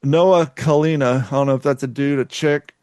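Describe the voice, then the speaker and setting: A man's voice: mid-range voice, steady tone, moderate pace, darkish tone, no room sound. A man from Kentucky co-hosting a casual podcast, rambling, laughing often and swearing freely. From Kentucky, USA. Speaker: podcast co-host.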